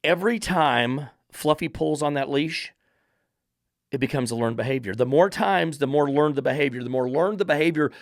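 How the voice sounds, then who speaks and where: Blunt, profane dog trainer ranting. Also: male voice, a little high, moderate pace, dry recording, studio quality. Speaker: dog trainer and podcast host. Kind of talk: ranting podcast monologue.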